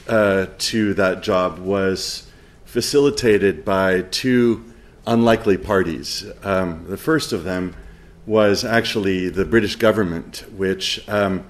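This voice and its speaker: A middle-aged man giving a lecture, halting with many ums and uhs, with a dry sense of humor. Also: on the low side, reverberant. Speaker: professor giving a conference talk. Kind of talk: spoken lecture with an anecdote.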